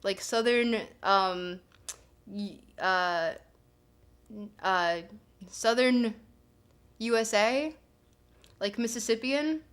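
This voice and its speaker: A woman's voice: on the high side, drawn-out words, long pauses, a bit bright. A woman streamer chatting casually with her viewers, rambling and giggling with lots of fillers. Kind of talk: casual livestream chat.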